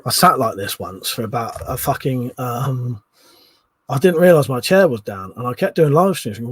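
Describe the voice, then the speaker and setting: A man's voice: medium pitch, very animated, brisk, slightly rough, no echo. A man hosting a casual live stream, joking and swearing freely as he chats to viewers. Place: indoors at home, seated low in a chair.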